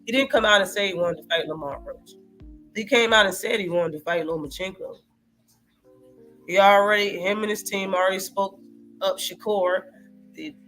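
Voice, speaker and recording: Brief: high, bright-voiced man, streaming host, animated and profane, faint music behind. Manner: animated, profane, reacts to live chat. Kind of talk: casual live-stream boxing talk.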